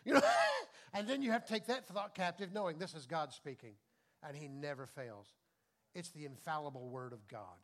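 Pastor, male, high-pitched, folksy sermon delivery with quiet-to-loud swings. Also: expressive, a little fast. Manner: swings between soft confiding and loud preaching; folksy and conversational.

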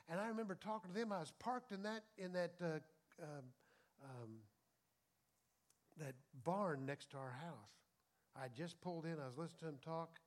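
Pastor, male, high-pitched, folksy sermon delivery with quiet-to-loud swings. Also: normal speed, long pauses. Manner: swings between soft confiding and loud preaching; folksy and conversational.

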